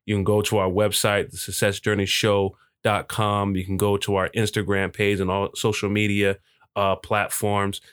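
A man hosting a podcast, wrapping up the show in a relaxed, casual way and often saying "man". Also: fairly low pitch, normal speed, clean tone, no echo, clean studio sound. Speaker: podcast host.

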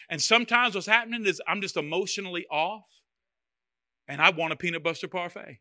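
A male pastor preaching with a high, very bright and forceful voice. His sermon is conversational and humorous. He often repeats his phrases for emphasis. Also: brisk.

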